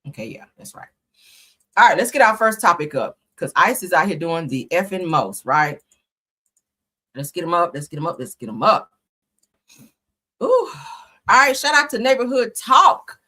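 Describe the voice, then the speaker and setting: Lively, bright-voiced woman host. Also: on the low side, normal speed, long pauses. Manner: animated, slangy, laughs often. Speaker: livestream host. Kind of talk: casual commentary chat.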